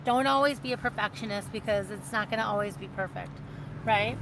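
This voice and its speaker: A woman's voice: a little high, brisk, very noisy. A woman hosting a casual livestream, chatting in a rambling way and reading out viewer comments. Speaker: livestream host.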